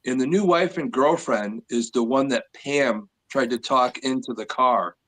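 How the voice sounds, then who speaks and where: A man's voice: mid-range voice, unhurried, fairly bright tone, rough recording. A man co-hosting a true-crime podcast, chatting casually and passing along a surprising tidbit. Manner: conversational, shares gossip-like tidbits.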